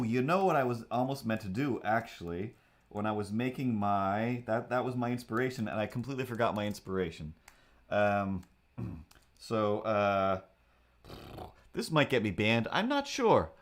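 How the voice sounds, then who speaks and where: A man hosting a live drawing stream, rambling casually with restarts and asides. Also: mid-range voice. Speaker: streamer and artist.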